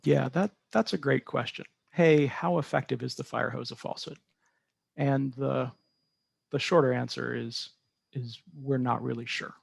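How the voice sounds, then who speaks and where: Brief: male researcher guest, measured explainer, mid pitch, dry close sound. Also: fairly even intonation, creaky, slightly rough, no echo. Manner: measured, explanatory, self-correcting. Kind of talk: podcast interview answers.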